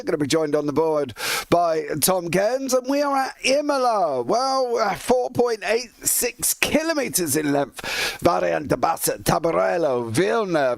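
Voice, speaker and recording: A man hosting a sim racing broadcast, with a gravelly edge and a fairly high voice. He talks in a chatty, upbeat way and pokes fun at himself. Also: no room sound. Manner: chatty, upbeat, self-deprecating. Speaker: race commentator and host.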